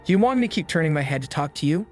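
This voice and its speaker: A woman's voice: low-pitched, lively intonation, racing, faint music behind. A man voicing a haughty, scheming female angel guide who speaks with contempt and threats. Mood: scornful.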